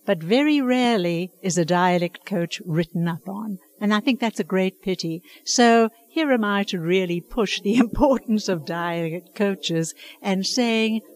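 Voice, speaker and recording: An older woman talking about her work as a dialect coach in an interview. She speaks earnestly and with emphasis, passionate and a little fussy about getting things right. Her voice sits at an ordinary pitch for a woman. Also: unhurried, hardly any pauses, a little mellow. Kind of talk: conversational interview.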